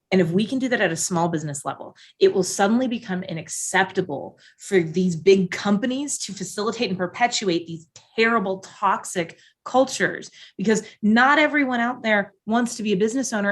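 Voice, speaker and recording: Passionate woman guest on a podcast. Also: medium pitch. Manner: passionate, impassioned, rapid. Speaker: podcast guest, event founder. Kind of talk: casual interview chat.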